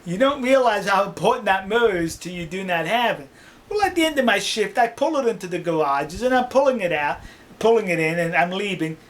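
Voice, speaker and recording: An older man telling stories in a casual, animated way, laughing often and acting out dialogue. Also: sits high, a little fast. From New York City. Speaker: storyteller. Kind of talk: casual storytelling.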